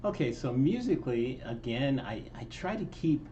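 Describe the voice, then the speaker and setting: A man's voice: mid-range voice, big pitch swings, normal speed, warm tone, lo-fi sound, a little hiss or hum. Rambling, self-mocking man musician. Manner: rambling and self-deprecating, with many ums and restarts, laughing now and then. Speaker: songwriter explaining his song. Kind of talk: casual line-by-line song breakdown.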